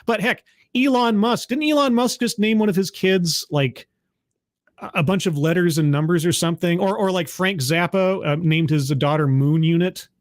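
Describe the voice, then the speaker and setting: A man's voice: high-pitched, moderate pace, no echo, clean studio sound. A man hosting a stream, reading a news article aloud and commenting on it in a sardonic, rambling way, stumbling over names and restarting words. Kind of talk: casual commentary on a livestream.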